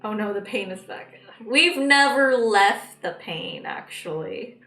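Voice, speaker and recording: A woman's voice: mid-range voice, animated, takes it slowly, sharp tone. A woman streamer chatting casually while she draws, rambling and tossing off sarcastic asides. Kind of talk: casual chat while drawing. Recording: roomy with faint music.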